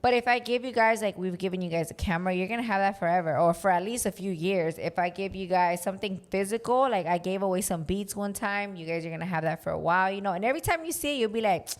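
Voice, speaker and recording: A woman's voice: medium pitch, fast talker, few pauses. Teasing young woman, podcast co-host. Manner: chatty, teasing, code-switching. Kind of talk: casual chat.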